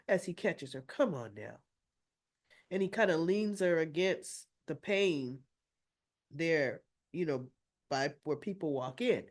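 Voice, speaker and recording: A woman's voice: low voice, animated, slow. A woman hosting a casual soap opera recap, chatty and opinionated, acting out the characters' lines and sounding a little winded. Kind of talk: casual retelling of episodes.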